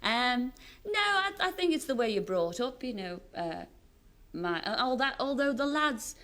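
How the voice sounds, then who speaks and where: A woman's voice: fairly high pitch, sing-song, measured pace, a bit bright. A woman in her thirties with a Scouse accent, a chatty chat show guest who laughs often and pokes fun at herself. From Liverpool, England. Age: 30s. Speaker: celebrity guest.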